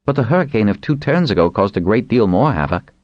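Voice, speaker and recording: A man's voice: lowish voice, big pitch swings, fast, no echo, lo-fi sound, pitched above the performer's own voice. A man voicing an anxious male scientist who earnestly warns of a coming disaster in an audiobook. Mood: warning. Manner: earnest, hasty.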